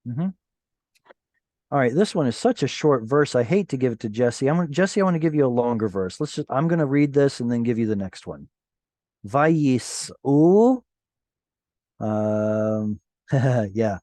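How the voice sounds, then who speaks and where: A man teaches a language class over a video call, working through the text word by word. His pace is unhurried and his pitch sits in an ordinary middle range. The sound is dry and close, with no room echo. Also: lively intonation, dark tone. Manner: patient, explains word by word, self-correcting. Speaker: Hebrew teacher.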